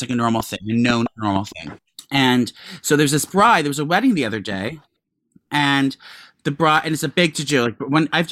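A man co-hosting a casual podcast, gossiping and swearing as he tells wild stories. His voice sits at a middle pitch and sounds dry and close. He keeps his retellings animated. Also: dry recording. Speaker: podcast co-host.

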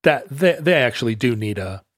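A man's voice: mid-range voice, expressive, brisk, no room sound, studio quality. A man co-hosting a casual chat, musing aloud and often restarting his thoughts.

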